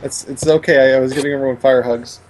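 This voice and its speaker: A man's voice: mid-range voice, fairly even intonation, fast, a crowd in the background. A man playing a tabletop game, hesitant and repeating words, laughing along. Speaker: player. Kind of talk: casual tabletop game play.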